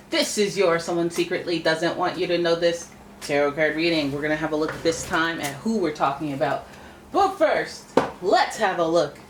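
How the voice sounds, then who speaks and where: A woman with a low, deep voice giving a playful, chatty tarot reading. She talks to her cards and jokes with the listener as she goes. A faint hiss of noise sits under her voice. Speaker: tarot reader.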